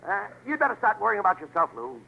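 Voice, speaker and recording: A man's voice: sits high, big pitch swings, fast, vocal fry. A man playing the indignant, scolding straight man in a 1940s radio comedy double act. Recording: muffled, noisy old radio broadcast.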